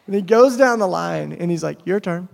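A man's voice: high voice, normal speed, creaky. Man doing a thrilled little street boy. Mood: excited. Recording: long hall reverb.

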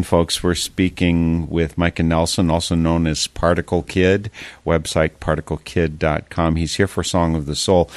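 Man, radio host, very low voice, dry studio sound, measured delivery. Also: dry recording. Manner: measured, addresses listeners directly. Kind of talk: radio interview.

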